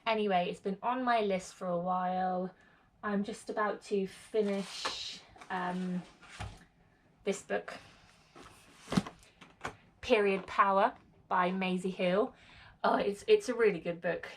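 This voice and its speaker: A woman's voice: mid-range voice, steady tone, takes it slowly, long pauses, slight background noise. A woman vlogging in a casual, rambling way, full of fillers and restarts, part of it from a small lean-to shed. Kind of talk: casual chat to camera.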